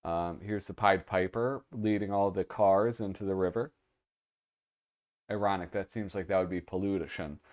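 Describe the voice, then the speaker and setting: Man, host, casual commentary, sleepy, rambling, hesitant, lowish voice. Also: fairly even intonation, moderate pace, darkish tone, highs cut off. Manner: rambling, hesitant with many fillers. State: sleepy, yawning.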